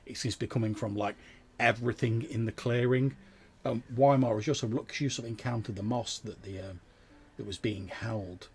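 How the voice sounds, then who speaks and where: A man's voice: on the low side, steady tone, fairly quick, darkish tone, slightly rough. A man narrating as game master in a tabletop game, describing scenes loosely with many fillers and restarts.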